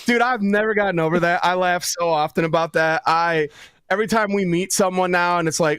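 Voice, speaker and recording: A man chatting as a guest author over a video call, with a fairly high voice and a dry, close sound. He tells stories with energy and acts out the lines of the people in them. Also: brisk, smooth, no room sound. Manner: lively storyteller who acts out quotes. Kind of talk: casual interview chat.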